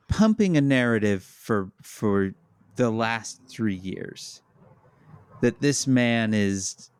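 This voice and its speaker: A man co-hosting a podcast, giving slow, deliberate commentary in casual chat. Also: mid-range voice, darkish tone, clean tone, dry recording, studio quality. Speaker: podcast co-host.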